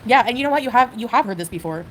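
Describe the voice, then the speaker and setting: A woman's voice: a little high, lively intonation, racing, fairly bright tone, slight background noise, rough recording. Hesitant rambling woman on a livestream. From Canada. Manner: hesitant, rambling, full of "like" and "you know".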